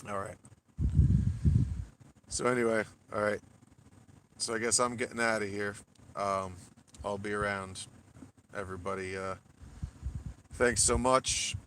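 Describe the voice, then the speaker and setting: A man chatting casually with his audience at the end of a late-night livestream, loose and profane, getting excitable when he corrects a pronunciation. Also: lowish voice, measured pace, pauses often, a little hiss or hum. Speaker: livestream host.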